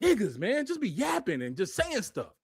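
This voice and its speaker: A man's voice: very high-pitched, wildly swooping pitch, moderate pace, creaky, breathy edge, no room sound, studio quality. A man giving a heated, blunt online monologue while walking through a map, repeating himself and going off on tangents. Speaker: online commentator.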